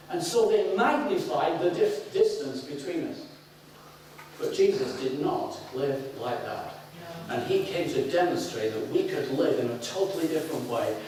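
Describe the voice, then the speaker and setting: Animated Lancashire preacher in echoey hall. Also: male voice, medium pitch. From north of England. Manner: animated, with sudden whoops and acted-out quotes. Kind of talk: sermon. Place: church hall. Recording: echoey hall, mic at a distance.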